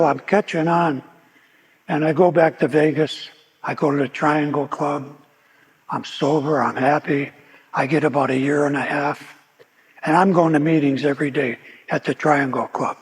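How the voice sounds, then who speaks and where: A man's voice: fairly high pitch, husky. A man giving a personal recovery testimony at a meeting, telling his story with frequent restarts and repeated words. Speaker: guest speaker at a recovery meeting. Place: meeting hall. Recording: long hall reverb.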